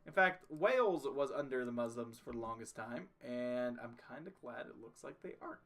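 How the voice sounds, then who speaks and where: Bright-voiced man narrating his gameplay. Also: medium pitch, lively intonation, normal speed, faint music behind. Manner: jokey, talks to himself and the game. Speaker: streamer playing a strategy game. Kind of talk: casual gameplay commentary.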